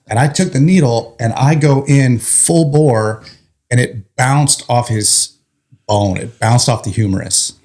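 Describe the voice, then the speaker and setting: A firefighter is the guest in this interview, telling a story with animation, breaking into laughter at the funny parts and swearing casually. The man's voice is mid-range and his delivery unhurried.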